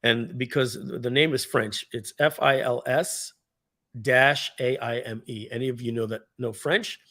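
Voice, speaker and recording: Gravelly man clearing his throat. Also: medium pitch, fairly even intonation, unhurried, a bit bright. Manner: clears his throat often, with frequent restarts. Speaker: event speaker telling a personal story. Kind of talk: casual storytelling to a live audience.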